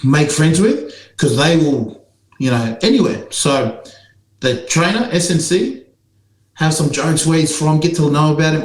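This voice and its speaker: A man's voice: on the high side, lively intonation, moderate pace. Laid-back man telling stories, echoey room. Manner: laid-back, laughs through stories, many fillers. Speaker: podcast co-host, former pro rugby player. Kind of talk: casual storytelling chat. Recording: echoey room with faint background noise.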